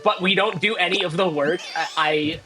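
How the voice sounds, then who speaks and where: A man's voice: sits high, moderate pace, over music. A man streaming a speedrun, chatting casually and thinking aloud as he plays, often correcting himself. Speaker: speedrunner playing live. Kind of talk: casual commentary while playing.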